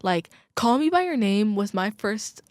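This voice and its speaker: A young woman hosts a casual college radio show, gushing about her favorite things and filling her talk with "like" and sudden asides. Her voice sits at a middle pitch, recorded close and dry in a small studio. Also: sing-song, dry recording. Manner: gushing, filler-heavy, quick asides. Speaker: podcast host. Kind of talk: casual chat.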